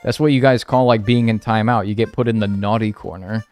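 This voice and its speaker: Soft music runs in the background as a man streams a game and chats loosely with viewers, ranting with pretend gravity. He has a lowish, darkish voice, a steady tone and a brisk delivery.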